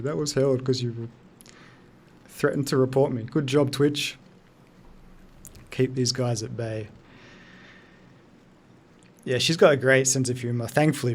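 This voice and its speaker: A man's voice: medium pitch, darkish tone. A man in his thirties chatting casually while streaming a game, loose and joking, answering his chat. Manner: loose, joking, sweary, talks to chat between game moments.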